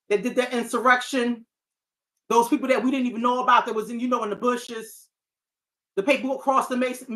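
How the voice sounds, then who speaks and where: A middle-aged woman hosting a talk show, speaking casually and animatedly to her audience, preachy and quick to digress. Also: fairly high pitch, sharp tone. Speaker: talk show host and therapist.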